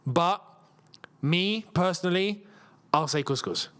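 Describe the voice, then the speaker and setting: Young English man, football watchalong host, lively up-and-down delivery, fairly high voice. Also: slow pace, clean tone. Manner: excitable, reacts loudly to play, chatty with viewers. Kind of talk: live watchalong commentary and chat.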